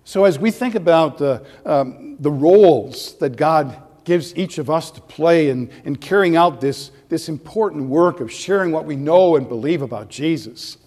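A man delivering an earnest sermon as pastor, leaning on rhetorical questions and building to animated stretches. His voice sits a little high for a man. A long reverb trails each phrase, as in a church hall. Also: moderate pace, few pauses.

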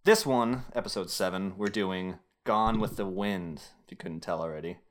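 Young man, podcast host, low-ish voice, loose rambling delivery with frequent laughs. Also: normal speed. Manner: rambling, self-interrupting, laughs often. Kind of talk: casual podcast chat.

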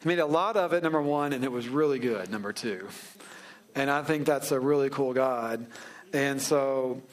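A pastor preaching a sermon in a relaxed, joking way, slowing down to stress key phrases. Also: male voice, mid-range voice. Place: church sanctuary.

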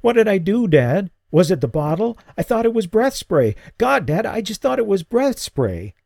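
A man's voice: wildly swooping pitch, normal speed, creaky, darkish tone, no room sound, clean studio sound, heavily acted. A man voicing a cheeky, frightened teenage boy. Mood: panicked. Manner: raised pitch, strained and urgent.

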